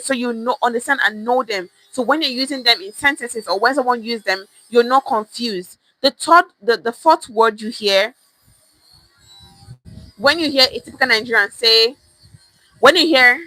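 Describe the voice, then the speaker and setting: A woman's voice: fairly high pitch, bright, forceful tone, no room sound, low-quality recording. A woman teaching pidgin phrases on a live stream, emphatic and repetitive, often checking in with "okay?", at times out of breath. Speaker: pidgin language coach.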